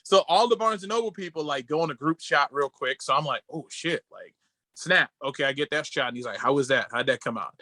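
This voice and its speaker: A man co-hosts a casual podcast over a video call and tells excited stories. His voice is bright and sits a little high, with a dry, close sound. When he quotes other people, he drops his voice lower. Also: a little fast, dry recording. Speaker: podcast co-host.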